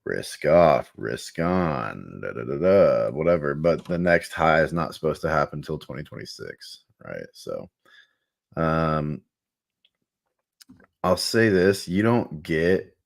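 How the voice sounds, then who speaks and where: A man's voice: extremely low pitch, sing-song, takes it slowly, creaky. A laid-back man co-hosting a stream, walking through charts in a rambling way with many fillers. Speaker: co-host chart analyst. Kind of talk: casual chart talk.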